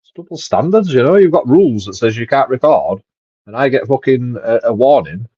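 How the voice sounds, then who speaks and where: A man's voice: mid-range voice, lively intonation, a little fast, dark tone, breathy edge, dry recording. A man ranting casually, swearing heavily and rambling with many restarts. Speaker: vlogger. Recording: dull lo-fi dry sound.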